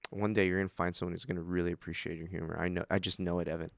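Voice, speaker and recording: A man from Hawaii, co-hosting a casual chat in a relaxed, joking way. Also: deep voice, racing, creaky, no echo, clean studio sound. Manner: laid-back, says dude a lot, laughs easily. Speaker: podcast co-host.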